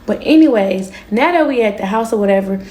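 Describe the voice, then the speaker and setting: A woman telling her viewers a personal story in a candid, slangy, animated way. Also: medium pitch, brisk, echoey room. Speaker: storytime vlogger. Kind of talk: casual storytime monologue.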